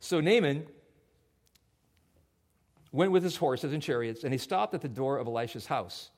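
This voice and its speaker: A man preaching a sermon as pastor, in an animated, conversational storytelling way. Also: medium pitch, normal speed.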